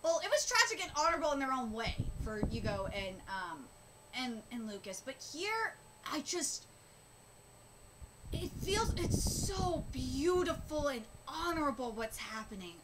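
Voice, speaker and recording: A woman giving a live reaction commentary as a streamer, emotional and close to tears, talking in halting bursts with many fillers and restarts. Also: high voice, very animated, noisy background. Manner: emotional, gushing, on the verge of tears.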